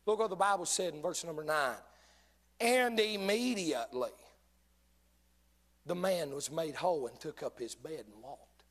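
A man's voice: on the high side, expressive, a little slow, pauses often. A man preaching a sermon with passion, quoting King James scripture. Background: soft music.

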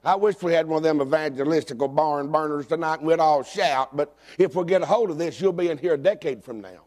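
A middle-aged man, a pastor preaching a sermon who swings from shouted, climbing lines to low, confessional talk. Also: fast.

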